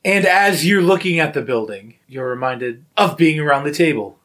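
A man's voice: a little high, expressive, moderate pace, a bit bright, rough recording. A man narrating a tabletop game as game master, laid-back and descriptive with dry humor.

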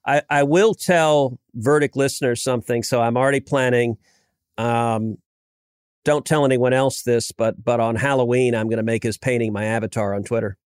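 A middle-aged man and senator, chatting casually in an interview, telling stories with lively restarts. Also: medium pitch, moderate pace, clean tone, no room sound, studio quality. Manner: storytelling, animated, frequent restarts. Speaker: senator, guest.

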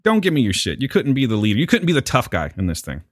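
A man's voice: medium pitch, wildly swooping pitch, quick pace, no echo, clean studio sound. A man hosting a casual podcast chat, teasing his friend with profanity and slipping into mock voices. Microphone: podcast microphone.

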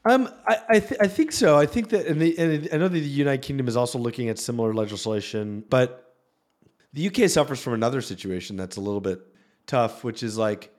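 On a panel discussion, a man speaks as a venture capitalist in a loose, casual style packed with fillers and animated asides. His mid-range voice moves briskly.

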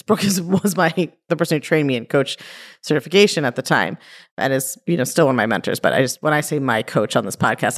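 A woman hosting her own podcast as a coach, talking casually and bluntly, often saying "like" and "right?" and swearing now and then. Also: deep voice. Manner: conversational, frequent "like" and "right?", mild swearing. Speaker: podcast host and life coach. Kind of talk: casual solo podcast talk.

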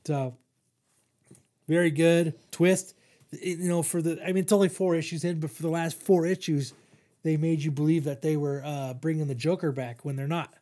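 Rambling, profane man with a higher voice. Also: fairly even intonation, moderate pace, warm tone. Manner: rambling, profane, lots of fillers and restarts. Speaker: podcast host reviewing comics. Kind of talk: casual chat.

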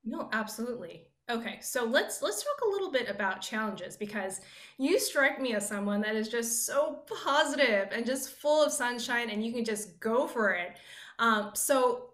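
A woman hosts a casual interview, her voice bright and a little high. She encourages her guest with short agreements. The room around her sounds echoey. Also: animated, moderate pace. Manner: encouraging, frequent "mm-hmm" backchannels. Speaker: interview host.

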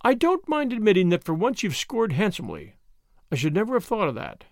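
A man's voice: high-pitched, no room sound, full character voice. Guy doing a bouncy young lady sleuth, plucky and impatient, voice jumps all over, dry sound. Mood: playful. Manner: lively, quick, plucky. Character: eager impatient young woman detective.

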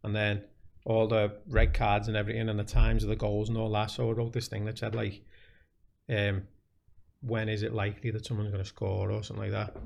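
A man's voice: on the low side, completely flat delivery, brisk, gravelly, a little mellow. A young man, hosting a podcast and telling rambling stories with frequent laughter. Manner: laughs a lot, rambling storyteller. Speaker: podcast host. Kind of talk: casual chat.

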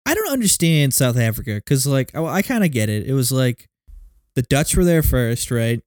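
A man's voice: medium pitch, very animated, moderate pace, a little mellow, no room sound, studio quality. A man co-hosting a casual movie podcast, rambling and saying "like" a lot. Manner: rambling, heavy use of "like". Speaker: podcast co-host.

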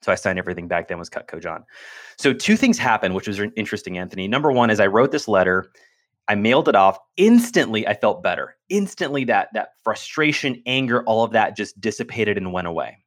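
A man with a somewhat low voice tells a personal story as a guest in a conversational interview. He speaks earnestly and with animation, often doubling back to restart a phrase as he builds toward his point. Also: expressive, quick pace, a bit bright. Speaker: podcast guest, business speaker.

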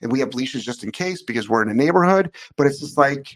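A man hosting a casual podcast about dog training, animated, loud and blunt. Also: medium pitch, fast talker.

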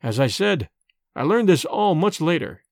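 A man reading an old-fashioned tale aloud, expressive and measured. His voice sits fairly high and rises and falls widely, close and dry on the mic. Faint music plays underneath. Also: creaky, no room sound. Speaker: narrator. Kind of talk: audiobook narration.

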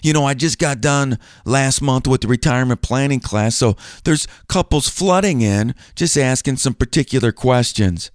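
A man's voice: medium pitch, moderate pace, few pauses, dry recording, studio quality. A middle-aged man hosting a podcast as a financial planner, chatty and self-deprecating in a casual style.

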